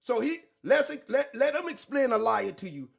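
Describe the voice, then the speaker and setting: Animated, gravelly male reaction host. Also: extremely high pitch, moderate pace. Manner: loud, mocking, street slang, riffs and repeats. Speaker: commentary show host. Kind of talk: profane reaction commentary on a played clip.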